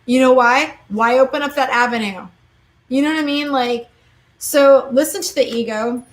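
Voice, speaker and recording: A young woman reading tarot cards in a casual live-stream chat, quick and chatty, saying "like" and "okay?" a lot. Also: high-pitched. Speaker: tarot card reader.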